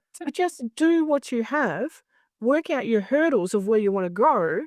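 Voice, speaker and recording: Woman guest, higher-pitched, frank and profane, animated anecdotes, dry mic. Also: a little slow, no room sound. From Australia. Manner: blunt, swears freely, animated storytelling. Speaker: guest, clinical hypnosis director. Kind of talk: candid interview talk.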